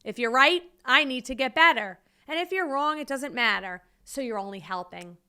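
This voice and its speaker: A middle-aged woman hosting a podcast, telling a personal story in a lively, animated way, laughing now and then and acting out quotes with big jumps in pitch. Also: moderate pace, smooth. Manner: laughs while telling, many "like" and "you know". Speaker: podcast host.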